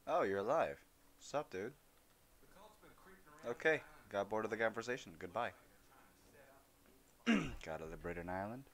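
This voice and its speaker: Low-voiced young man joking through a game. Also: animated, normal speed, pauses often, fairly bright tone. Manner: rambling, jokey, talks to game characters. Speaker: gaming streamer. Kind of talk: casual let's-play commentary.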